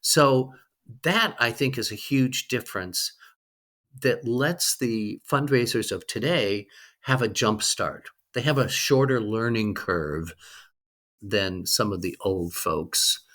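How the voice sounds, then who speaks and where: A man's voice: fairly low pitch, takes it slowly, fairly bright tone. A man in his sixties, a guest on an interview podcast, speaking reflectively with frequent ums. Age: 60s. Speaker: guest, fundraising leader.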